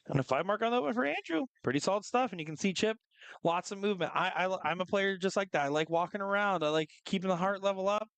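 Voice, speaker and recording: A man commentating live darts, chatty and joking, with quick analytical asides. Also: sits high, expressive, fairly bright tone, clear, resonant tone, no room sound.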